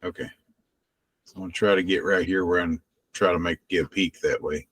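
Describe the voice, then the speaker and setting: A man's voice: deep voice, steady tone, brisk, fairly bright tone. A man playing a tabletop game, casual and asking practical tactical questions. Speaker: player.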